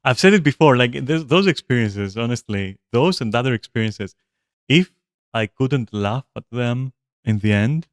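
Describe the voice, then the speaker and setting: Male streamer, mid-pitched, rambling profane commentary, dry close sound. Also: lively intonation, moderate pace, no room sound. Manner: rambling, profane, with frequent fillers. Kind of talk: casual gameplay commentary.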